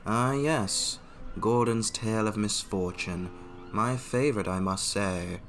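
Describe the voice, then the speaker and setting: A man's voice: lowish voice, slow, a bit bright, faint music behind. A man voicing a crowd of talking train engines in a fan audio drama, trading prim, squabbling lines as he switches between them. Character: several talking steam and diesel engines, all male.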